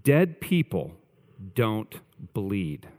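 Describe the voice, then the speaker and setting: A man voicing a calm male psychiatrist who coaxes a patient along. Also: on the low side, very slow, long reverb tail, heavily acted.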